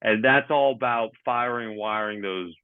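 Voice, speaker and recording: A man's voice: fairly low pitch, moderate pace, clear, resonant tone, no room sound, narrow, tinny audio. A man, a sports coaching manager as guest, explaining step by step with many hesitant ums. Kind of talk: explanatory interview answers.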